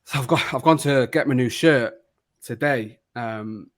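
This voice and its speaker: A man hosting a casual kit-ranking chat, jokey and quick to laugh. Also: medium pitch. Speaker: podcast host.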